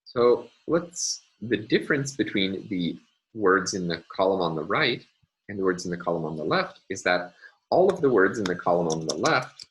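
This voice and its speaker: Low-voiced man giving a methodical lecture. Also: sing-song, normal speed, a bit bright, poor audio. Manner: methodical, hesitant with frequent ums and uhs. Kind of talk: recorded university lecture.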